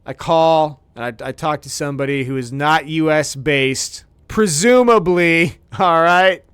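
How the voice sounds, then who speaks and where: A man's voice: fairly high pitch, unhurried, fairly bright tone, smooth, dry recording. A man in his thirties hosting a podcast, ranting in a profane, rambling, worked-up way, recorded close on a studio mic. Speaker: podcast host. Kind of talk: comedic ranting monologue.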